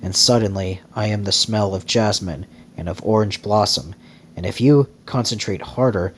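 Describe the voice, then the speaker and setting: Man reading as a glamorous starlet, dreamy and incantatory, low voice, slow rapture. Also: a little hiss or hum, natural voice. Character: dreamy glamorous young actress, woman.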